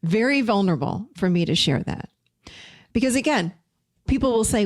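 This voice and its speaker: A woman's voice: medium pitch, lively intonation, moderate pace, pauses often, no room sound, studio quality. A woman hosting a casual talk to listeners, speaking emphatically and repeating key phrases for weight. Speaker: podcast host and teacher.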